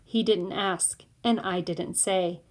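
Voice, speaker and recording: A woman voicing a worried mother who speaks to her son in a quiet, calm, measured way. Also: on the low side. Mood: tender.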